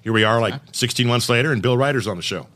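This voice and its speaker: A man's voice: mid-range voice, fast talker, noisy background. A man co-hosting a podcast, joking and rambling as he introduces a segment. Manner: jokey, rambling, self-correcting. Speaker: podcast co-host. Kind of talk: casual podcast chat.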